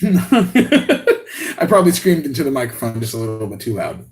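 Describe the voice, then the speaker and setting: A man hosting a live unboxing stream, talking excitedly and rambling with many restarts and laughs. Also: medium pitch, measured pace. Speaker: RC hobby channel host.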